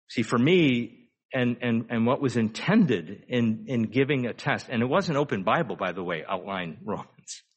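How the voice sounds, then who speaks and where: An older man giving a conversational sermon as a pastor, asking rhetorical questions and slowing down for emphasis. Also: medium pitch, husky.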